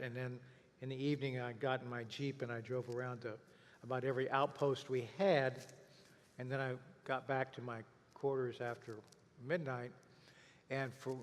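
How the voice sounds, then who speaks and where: A man's voice: medium pitch, level tone, normal speed, in a large hall. An older man, interviewer and veteran, speaking in a hesitant, filler-heavy way. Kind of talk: panel conversation. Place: conference stage.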